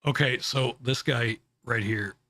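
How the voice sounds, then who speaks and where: A man streaming casual reaction commentary, halting and often restarting his words with little chuckles. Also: medium pitch, a bit bright, no room sound.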